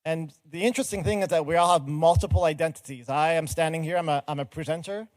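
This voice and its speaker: A man's voice: fairly high pitch, steady tone, quick pace, no echo. A middle-aged man giving an earnest, explanatory talk from a conference stage and engaging the audience directly. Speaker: conference speaker.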